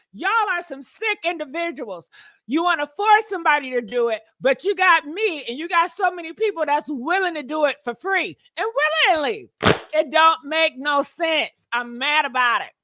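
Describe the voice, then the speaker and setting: A woman hosting a gossip channel, talking loud and sassy with plenty of profanity, calling her viewers girl and honey. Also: high voice, dry recording, clean studio sound. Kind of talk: casual gossip commentary.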